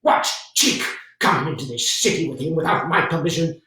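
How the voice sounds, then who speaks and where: An actor playing a furious, pompous British general who sputters with indignation. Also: male voice, fairly high pitch, lively intonation, a little fast, sharp tone. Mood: outraged. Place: theater stage. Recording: echoey stage from far off.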